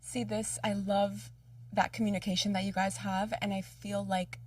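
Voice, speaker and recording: A woman's voice: medium pitch, flat delivery, moderate pace, no room sound, recorded from a distance. A woman podcast host in casual chat, open and affirming, speaking about her own dating life. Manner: open, affirming, short agreeing replies.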